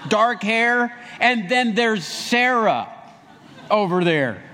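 A pastor delivers a sermon in a fairly high, bright voice that rings through a big hall with a long echo. Slow and sing-song, he tells the story with animation, taking on the voices of its characters.

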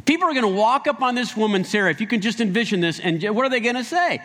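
A pastor preaching with a fairly high, bright voice that carries through a big hall with a long echo. He tells the story with animation, slipping into the voices of the people in it. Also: lively intonation, fast, few pauses. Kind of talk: sermon.

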